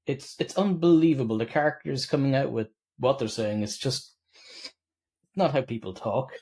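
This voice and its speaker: Man, husky voice, casual podcast co-host, dry wry humor, medium pitch. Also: moderate pace, darkish tone. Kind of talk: casual movie review chat.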